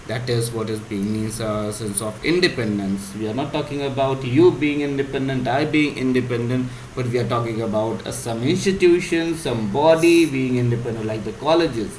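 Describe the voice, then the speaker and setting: A man teaches vocabulary in a relaxed way, spelling words out letter by letter. His voice sits at an average pitch and carries a roomy echo with a faint hum underneath. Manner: explains words slowly, spells them out. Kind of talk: casual vocabulary lesson. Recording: echoey room, faint hum.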